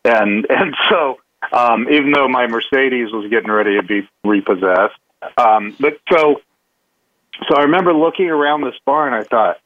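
A man telling a candid personal story as a guest, halting with many restarts and fillers. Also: medium pitch. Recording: tinny phone line.

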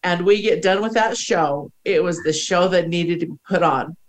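A woman's voice: on the low side, normal speed. Emotional woman podcast host. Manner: warm, emotional, laughs often, restarts a lot. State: teary, emotional. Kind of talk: casual spiritual podcast chat.

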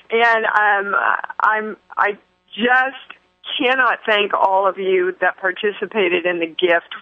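A woman's voice: mid-range voice, dry recording. Woman rambling on a tinny phone line. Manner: effusive, rambling, frequent fillers and restarts. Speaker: radio show host. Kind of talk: spiritual talk show monologue.

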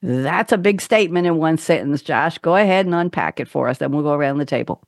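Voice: medium pitch, lively intonation, fast, no room sound, clean studio sound. A panel moderator leading a live round table discussion, chatty and teasing, telling anecdotes between questions.

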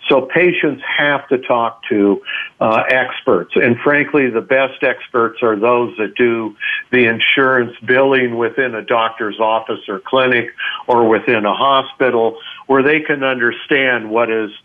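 Slow-talking man on a phone line. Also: mid-range voice. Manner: measured, explanatory, frequent hesitations. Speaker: doctor guest. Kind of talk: radio interview.

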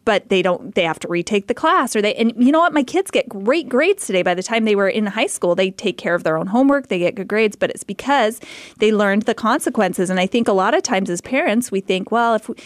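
A woman's voice: mid-range voice, animated, fairly quick, no echo. A woman in her forties hosting a radio talk, thoughtful and rambling as she shares her views. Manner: thoughtful, rambling, restarts phrases. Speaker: radio host.

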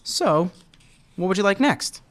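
A man's voice: high voice, big pitch swings, measured pace, pitched above the performer's own voice. Man doing a kind, coaxing apprentice boy. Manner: gently coaxing. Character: young male apprentice boy, kind and patient.

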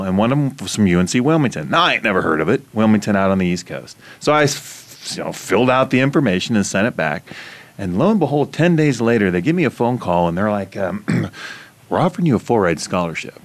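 A middle-aged man from Iowa, hosting a casual conversation and telling stories with animated laughter. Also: lowish voice, quick pace. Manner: animated storytelling, laughs often. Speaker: host.

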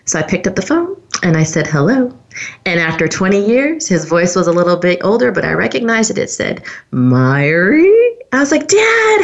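A woman's voice: medium pitch, highs cut off. A woman hosting a podcast, telling a personal story in an earnest, heartfelt way straight to her listeners. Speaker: podcast host.

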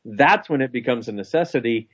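A man's voice: medium pitch, expressive, brisk, lo-fi sound, noisy background. A man co-hosting a radio talk show, chatting casually, joking and laughing easily. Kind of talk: casual chat.

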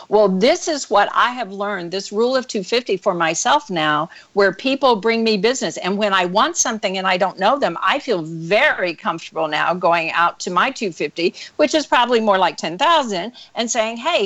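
A woman sales coach with an energetic, animated way of telling stories, speaking as a guest over a call. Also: mid-range voice, normal speed, hardly any pauses. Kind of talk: storytelling interview answer. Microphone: call recording.

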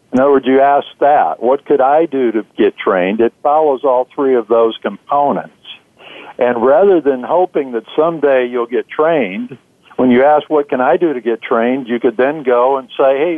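A man, an author being interviewed, answering in a measured way with frequent "uh" fillers. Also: medium pitch, dry recording. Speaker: author and guest. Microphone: phone. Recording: tinny dry phone line.

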